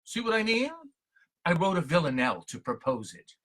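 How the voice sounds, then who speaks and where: A man's voice: fairly high pitch, big pitch swings, fairly quick, a bit bright. A man reciting his own poems in a theatrical, emphatic way, between short spoken introductions. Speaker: poet reading his own verse. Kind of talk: dramatic poetry recitation and talk.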